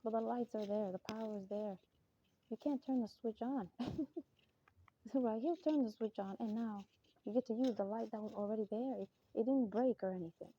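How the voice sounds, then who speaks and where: Mellow-voiced woman giving a rambling spiritual talk. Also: fairly high pitch, normal speed. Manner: rambling, keeps asking "you get me?". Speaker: religious speaker. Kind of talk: casual spiritual monologue. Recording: dull lo-fi recording with faint noise.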